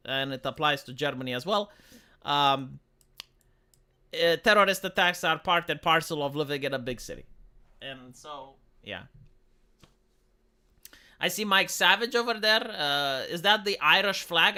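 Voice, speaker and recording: Male live streamer, higher pitch, rambling and sarcastic, fillers everywhere. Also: bright, forceful tone, clear, resonant tone. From Romania. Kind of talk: casual political commentary.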